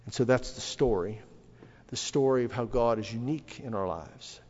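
A man's voice: medium pitch, moderate pace, a little mellow. A middle-aged man preaching a sermon, speaking earnestly and rising with emphasis when he quotes scripture. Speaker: pastor. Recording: dull lo-fi audio with long hall reverb.

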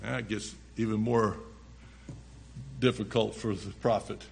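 A man's voice: fairly low pitch, fairly even intonation, unhurried, gravelly, husky, long reverb tail. A man preaching a sermon, reading a scripture passage aloud and stopping often to explain it in plain words.

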